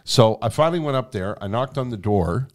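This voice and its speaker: A man telling a long anecdote as a guest in a conversation, animated and freely swearing. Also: medium pitch, brisk. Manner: animated, profane storytelling. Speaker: guest storyteller.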